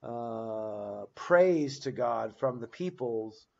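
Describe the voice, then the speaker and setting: A man's voice: mid-range voice, lively intonation, very slow, creaky, dull audio. Man teaching a Bible class. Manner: explains with many restarts, reads scripture aloud with emphasis. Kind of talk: unscripted church class teaching. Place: church classroom. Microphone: recording device on battery.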